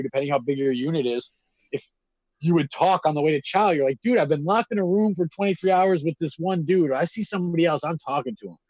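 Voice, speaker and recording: A man, swearing and riffing through a story as he acts out the voices of the people in it. His voice sits a little high, and the recording is dry and dull, with a lo-fi edge. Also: no room sound. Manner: animated, acts out quotes, heavy filler and swearing. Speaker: guest telling prison stories. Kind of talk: casual storytelling chat.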